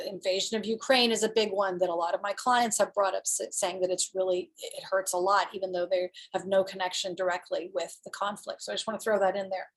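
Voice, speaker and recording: Animated, earnest woman coach talking casually. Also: mid-range voice. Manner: animated and earnest, laughing often and acting out her inner voices. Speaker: host and inner-work coach. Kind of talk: casual self-help talk on a live show.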